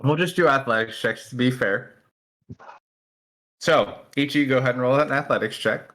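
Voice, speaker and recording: A man's voice: medium pitch, normal speed, a bit bright. A man acting as dungeon master, narrating a tabletop game in an easygoing way and laughing often.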